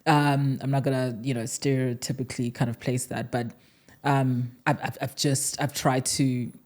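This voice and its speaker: Very low-voiced South African woman, chatty and laughing. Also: level tone, moderate pace, darkish tone. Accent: South African with a slight American tinge. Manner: chatty, laughs often, many fillers and restarts. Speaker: podcast guest. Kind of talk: casual podcast chat.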